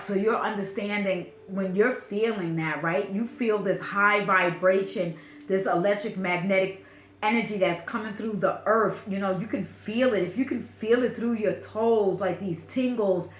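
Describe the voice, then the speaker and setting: A woman's voice: medium pitch, fairly bright tone, roomy sound, slight background noise. A woman from Brooklyn with a Brooklyn accent, giving a channeled spiritual reading in a repetitive, affirming, emphatic way. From Brooklyn, New York. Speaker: spiritual reader.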